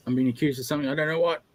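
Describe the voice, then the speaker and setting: A man, hosting a casual livestream, chatty and laughing often as he reads viewer comments. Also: fairly high pitch. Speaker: livestream host.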